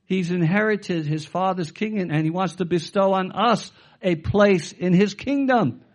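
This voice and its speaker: A man's voice: high-pitched, a little slow. A middle-aged male pastor preaching a sermon with emphasis, quoting scripture and putting questions to his listeners.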